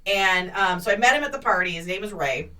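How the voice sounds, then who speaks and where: A woman with a bright, forceful voice tells a story in loose podcast chat, cursing often and jumping into the voices of the people in it. She sounds a little distant from the mic. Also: medium pitch, quick pace. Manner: profane, animated storytelling with acted-out quotes. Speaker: podcast co-host.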